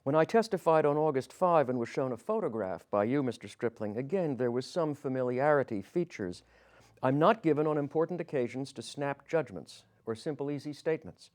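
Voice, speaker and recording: This history podcast narrator is a man with a medium-pitched, slightly mellow voice, lively intonation and a somewhat fast pace. When he reads quoted lines he changes his tone a little, occasionally stumbling and fixing the error.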